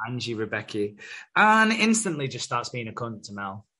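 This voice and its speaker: A man's voice: mid-range voice, big pitch swings, normal speed, sharp tone. A young man with an ordinary mid-range voice chatting on a podcast. He recaps soap episodes in a loose, sweary way. Now and then he briefly takes on the characters' voices as he goes. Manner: sweary, recaps scenes by acting out characters' lines. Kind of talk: casual chat.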